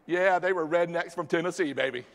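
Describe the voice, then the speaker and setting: A male pastor preaching a sermon, animated and dramatic, mixing Bible story with casual slang. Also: fairly high pitch, brisk, creaky. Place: church sanctuary. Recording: long church hall reverb.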